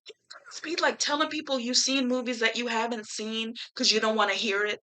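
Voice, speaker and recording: Young woman, YouTuber, casual chat, bright forceful voice, animated, slangy, swears freely. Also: a little high, fairly quick, poor audio. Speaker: YouTuber reviewing a film. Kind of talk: casual chatty movie review.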